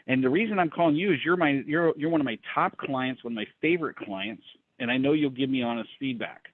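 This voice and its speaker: Fast-talking man coaching on a tinny call. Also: medium pitch, no room sound. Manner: fast, emphatic, repeats words, acts out dialogue. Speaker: business coach hosting a mastermind call. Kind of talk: energetic coaching rant on a video call. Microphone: video call. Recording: dry, phone-like call audio.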